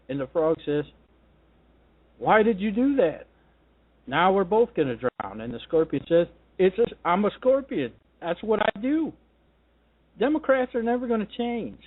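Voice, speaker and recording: A man hosting a political talk radio show, delivering a combative, ranting monologue. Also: on the high side. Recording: tinny phone-line sound.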